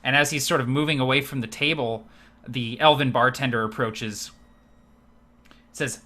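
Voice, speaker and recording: A male game master narrates the scene in a loose, easygoing way, dropping many filler words as he goes. His voice is bright and forward. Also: mid-range voice, normal speed, pauses often. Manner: relaxed, filler-heavy narration.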